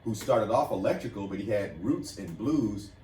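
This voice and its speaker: Animated joking man, roomy distant sound. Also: on the low side, normal speed, slight background noise. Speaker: podcast co-host. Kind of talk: casual group chat. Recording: roomy sound from far off the mic.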